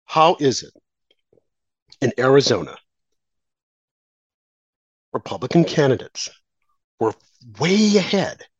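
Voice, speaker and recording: Husky and mid-pitched, this political commentator speaks slowly with frequent pauses and big swings in pitch, delivering an impassioned monologue. He repeats phrases, fires rhetorical questions, and mocks opponents in quoted asides, on a dry, slightly dull lo-fi recording.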